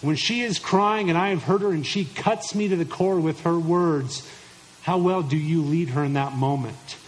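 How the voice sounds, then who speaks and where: A middle-aged male pastor preaching with a high, bright voice. He speaks emphatically and directly to the men in front of him and slips into mock voices to quote imagined listeners. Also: normal speed, low-quality recording. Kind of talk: sermon to husbands.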